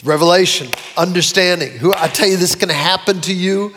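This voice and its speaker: A man preaching a sermon in an animated way, with dramatic swings in his voice as he quotes scripture. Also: high-pitched, moderate pace, long reverb tail, background noise. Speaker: pastor.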